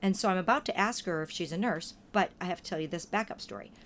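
A woman in casual conversation, telling stories in a lively way and acting out what people said. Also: on the low side, fast talker, a little hiss or hum. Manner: lively storytelling, acts out quoted voices. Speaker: podcast guest or co-host. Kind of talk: casual chat.

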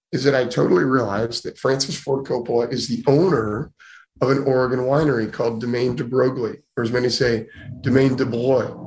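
A man with a hoarse voice hosts a casual conversation. He answers questions enthusiastically and confidently. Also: mid-range voice, low-quality recording.

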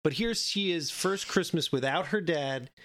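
At a normal speed, a podcast co-host with a fairly high, bright voice rambles casually through an extended story. He habitually adds "right?" to his sentences.

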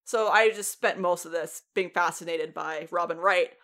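A woman co-hosting a podcast, recapping a TV show in casual, animated chat, swearing freely and laughing often. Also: fairly low pitch, normal speed. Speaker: podcast co-host.

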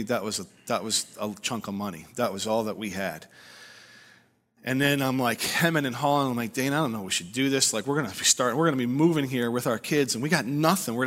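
A man's voice: medium pitch, a bit bright. A man in his forties, a pastor giving a sermon in an earnest, conversational storytelling way with frequent restarts. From Pennsylvania. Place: church service.

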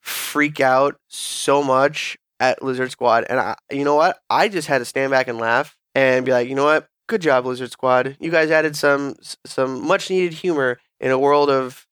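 A man's voice: mid-range voice, normal speed, hardly any pauses, smooth, no echo, clean studio sound. A man hosting a casual gaming podcast, telling crude, joking stories with lots of energy. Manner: crude, joking, animated storytelling. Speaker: podcast host.

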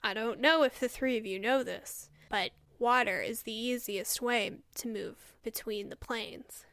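A woman's voice: fairly high pitch, measured pace, a bit bright, no echo, pitched below the performer's own voice. Woman playing stern male guide, weary, curt, commanding, dry close sound.

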